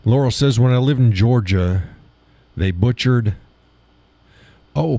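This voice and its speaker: A man hosting a live stream in casual chat, playful and quick to laugh, toying with how words sound. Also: on the low side, warm tone, no echo. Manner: chatty, playful, laughs often, toys with word sounds.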